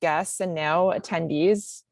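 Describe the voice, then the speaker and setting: A woman's voice: fairly low pitch, fairly even intonation, slow, vocal fry, a little mellow, dry recording. A woman on a marathon team, talking in a playful, emphatic way during a casual panel Q&A.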